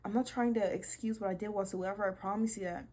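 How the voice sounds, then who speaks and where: A young woman hosting a casual vlog, reading posts aloud and reacting with animated disbelief and swearing. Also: mid-range voice, fast talker, a little hiss or hum. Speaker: video creator.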